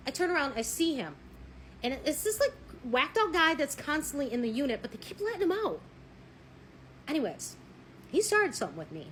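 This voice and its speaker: Woman storyteller, fairly high voice, blunt and animated, faint background noise. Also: brisk, rough recording. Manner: animated, blunt, swears freely, acts out quotes; married. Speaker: vlogger telling a personal story. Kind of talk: casual storytelling.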